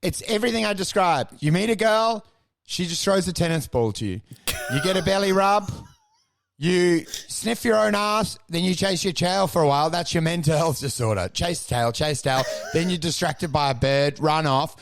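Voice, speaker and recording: A man's voice: high voice, moderate pace, vocal fry, dry recording. A man co-hosting a comedy podcast, ranting and swearing in casual banter, mimicking people in exaggerated voices.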